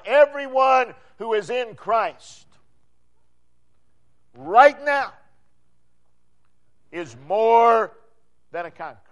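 A man's voice: extremely high pitch, expressive, takes it slowly, long pauses. A man preaching a Sunday morning sermon, emphatic, repeating key phrases in a swelling, falling cadence. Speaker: pastor.

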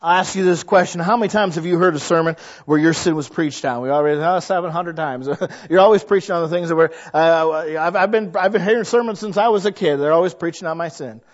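A man's voice: fairly high pitch, fast, few pauses, dull audio. A man preaching a sermon in a conversational way, acting out the thoughts of his listeners. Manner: conversational, acts out quoted inner voices. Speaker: pastor.

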